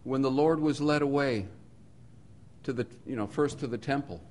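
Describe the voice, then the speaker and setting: A man delivers a sermon in an earnest, steady middle-pitched voice, piling up repeated phrases for emphasis. He swings from quiet, low passages to forceful ones at a normal speed, with slight background noise.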